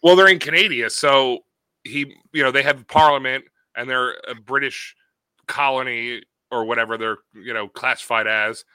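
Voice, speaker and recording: A man co-hosting a casual podcast chat, sarcastic and animated, swearing freely. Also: mid-range voice, normal speed, clear, resonant tone, no room sound, low-quality recording. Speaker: podcast co-host.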